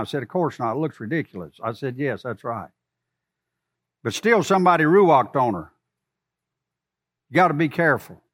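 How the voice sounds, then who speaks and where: A man with a high voice, preaching a sermon. He drives his points home with loud emphasis, then drops to soft, low asides, and keeps asking the congregation questions. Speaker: pastor.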